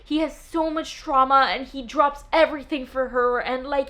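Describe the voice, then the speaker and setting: A woman's voice: high-pitched, steady tone, moderate pace, fairly bright tone. A young woman chatting to camera as a book vlogger, gushing and dramatic as she swoons over favourites. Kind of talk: casual chat to camera.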